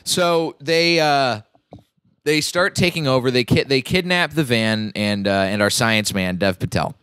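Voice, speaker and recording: A man's voice: medium pitch, lively intonation, unhurried, a bit bright, smooth, no room sound. A man hosting a casual podcast, laid-back and dry as he recaps a story. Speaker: podcast host.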